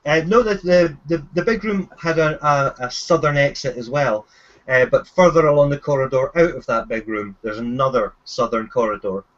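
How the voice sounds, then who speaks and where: A man running a tabletop game as game master, narrating haltingly and repeating words, in a dull lo-fi recording. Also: medium pitch.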